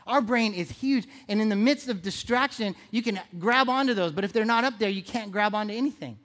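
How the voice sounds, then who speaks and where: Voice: mid-range voice, fairly quick, a bit bright. Conversational, playful preacher in church. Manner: conversational, playful, asks the audience questions; repeats phrases for emphasis. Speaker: pastor. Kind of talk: sermon.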